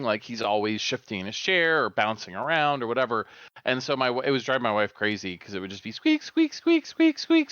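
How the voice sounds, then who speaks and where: A man's voice: mid-range voice, pushed and bright, clear, resonant tone, dry recording. A middle-aged man co-hosting a podcast, chatting casually and rambling with lots of fillers and restarts. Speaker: podcast co-host. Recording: dull lo-fi dry sound.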